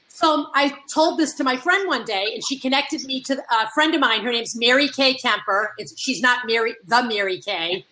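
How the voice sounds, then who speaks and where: A chatty woman talks on a video call with a high, bright voice. Her story comes out animated and casual, and her tone has a clear, forward edge. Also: brisk, hardly any pauses, poor audio. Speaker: guest caller.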